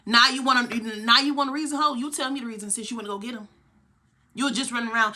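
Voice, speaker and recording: Young woman ranting through a storytime vlog, super bright voice, kinda high, cussing a lot. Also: steady tone, fast talker. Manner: heated, profane storytelling. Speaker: vlogger.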